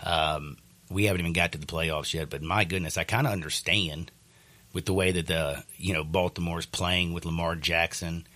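A male sports radio host, congested from sinus trouble, talking in a rambling, animated, jokey way. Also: low-pitched, moderate pace. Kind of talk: sports talk radio chat.

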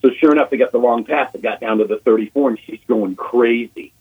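Man, 60s, sports radio guest, excitable storyteller, husky, thin phone-line sound. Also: mid-range voice, a little fast. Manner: excitable, repeats himself, acts out quotes.

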